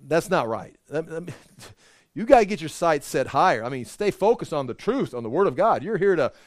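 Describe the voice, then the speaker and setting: A man voicing an earnest male disciple who argues in a low, insistent, pleading way. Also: big pitch swings, a little fast, no echo, clean studio sound. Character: earnest male disciple arguing with his teacher.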